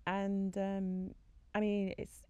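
This young woman's faith talk comes in a medium-pitched, warm, smooth voice, delivered slowly and completely flat. Still chatty, she uses many "like" fillers and acts out quoted exchanges, with no echo.

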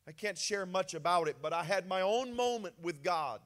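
A middle-aged male pastor preaching a sermon, swinging between soft, confiding talk and emotional outbursts. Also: high voice, expressive, moderate pace.

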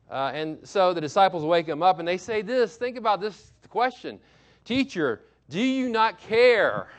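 A male pastor preaching a sermon from behind a church pulpit. He reads scripture aloud, asks the congregation questions and repeats key phrases for emphasis. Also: high-pitched.

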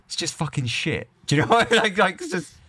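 A man's voice: high voice, big pitch swings, quick pace, pushed and bright, slightly rough, dry recording. A man chatting casually as a podcast co-host, rambling and laughing at his own snobbery. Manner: rambling, self-deprecating, laughs often. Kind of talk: casual chat.

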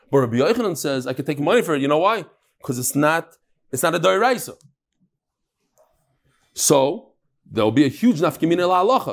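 A man, teaching a Talmud class and telling stories with Hebrew and Yiddish terms. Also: on the high side.

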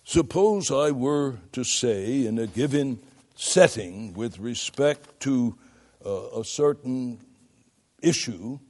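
An older man lecturing on preaching, his speech slow and measured. His pitch rises and falls widely as he leans into emphatic demonstrations. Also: expressive, a little mellow. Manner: deliberate, emphatic, demonstrates vocal effects. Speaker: preaching instructor.

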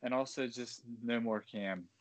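A man's voice: mid-range voice, measured pace, dry recording, rough recording. A man co-hosting a sports podcast, talking in a laid-back way with dry, teasing asides. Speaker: podcast co-host. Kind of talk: casual sports podcast chat.

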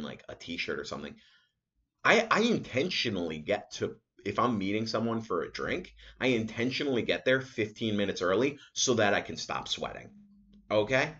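A man's voice: on the low side, lo-fi sound. A young man hosting a solo podcast, telling rambling, profane stories and acting out other people's lines. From New York area resident. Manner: rambling, profane, animated storytelling with acted-out quotes. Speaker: podcast host. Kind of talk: casual solo podcast monologue.

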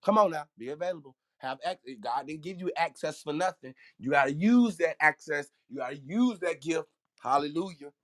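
A man's voice: on the high side, lively intonation, moderate pace, fairly bright tone, dry recording. A man hosting a faith podcast who preaches emphatically and laughs often, with a way of talking. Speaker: podcast host. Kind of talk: casual morning chat with preaching.

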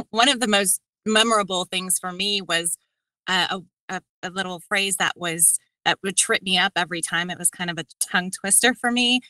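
A woman with a Texan accent, talking casually and halting with frequent restarts and small laughs. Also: mid-range voice, pushed and bright, no echo. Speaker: audiobook narrator. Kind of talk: casual group interview.

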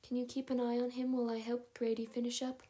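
A woman's voice: a little high, little pitch movement, quick pace, warm tone, lightly acted. A woman voicing a kind, tender, motherly woman in a read-aloud storybook. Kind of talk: audiobook character reading.

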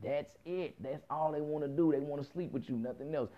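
A man in his thirties tells a late-night story and then lectures his listeners, talking loosely and profanely in heavy slang. His voice sits a bit high for a man, and the recording comes through muffled and lo-fi. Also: a little fast. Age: 30s. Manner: profane, animated, lots of quoted dialogue and slang. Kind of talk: casual storytelling rant.

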